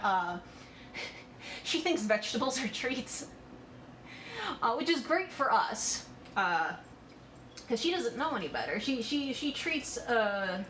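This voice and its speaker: A woman's voice: a little high, a bit bright. Woman streamer, casual cooking chat, salty language, echoey kitchen with a faint hiss. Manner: chatty, swearing, laughing asides, baby-talk to pets. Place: home kitchen.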